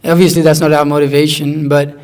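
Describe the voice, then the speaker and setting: A young man in casual conversation, telling animated stories and acting out his friends' voices. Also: fairly high pitch, a little fast, clear, resonant tone.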